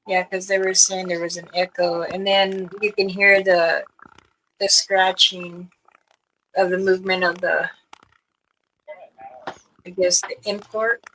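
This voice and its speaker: Woman, livestream host, unhurried delivery, bright tone, casual chat. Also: lowish voice, flat delivery, slight background noise, rough recording. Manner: sorting out audio problems with guests.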